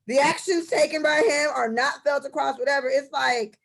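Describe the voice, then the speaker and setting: A young woman co-hosting a casual podcast chat. She talks in a fired-up, profane way and acts out the people she is telling about. Her voice sits a little on the high side. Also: moderate pace, creaky, fairly bright tone. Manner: impassioned, profane storytelling. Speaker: podcast co-host.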